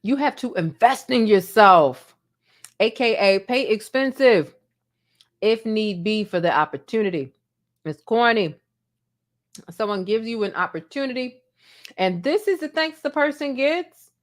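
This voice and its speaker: A woman's voice: a little high, expressive, measured pace. A woman from Baltimore hosting a casual live-stream commentary, sassy and goofy, sleepy from being up before dawn.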